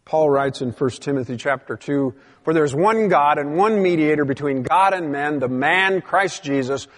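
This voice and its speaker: A man's voice: a little high, lively intonation, normal speed, long reverb tail. A man preaching a sermon, reading scripture aloud with emphatic rises and drops in his delivery. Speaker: pastor.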